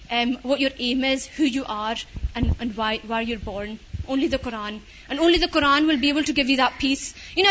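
High-voiced young Scottish woman. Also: fairly bright tone, muffled recording, a little hiss or hum. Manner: chatty, frequent fillers, mixes in Urdu words. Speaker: student giving a testimony. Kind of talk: personal testimony.

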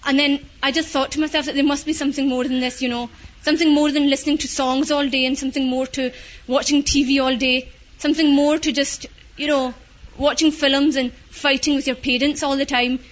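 A woman's voice: sits high, flat delivery, a little fast, highs cut off. A young woman with a Scottish accent giving a personal testimony in a chatty way, full of fillers and with Urdu words mixed in.

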